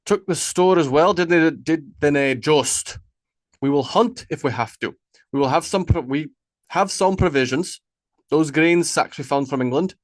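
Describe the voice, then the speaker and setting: A man voicing a gruff, commanding Viking war leader with firm, slightly archaic speech in an audiobook. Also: a little high, a little slow, no room sound, clean studio sound, voice pushed up, natural voice. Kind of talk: audiobook character voice.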